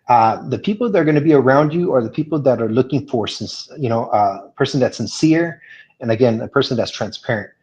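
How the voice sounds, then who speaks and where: A man speaks earnestly as a guest in a live chat, halting and restarting as he works through his thoughts. His voice sits at a middling pitch, and the sound is dull and lo-fi. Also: a little mellow.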